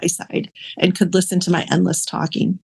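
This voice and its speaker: A woman, a podcast guest, telling her personal story in a candid, rambling way, full of fillers and soft laughs. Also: on the low side, little pitch movement, normal speed, vocal fry, husky.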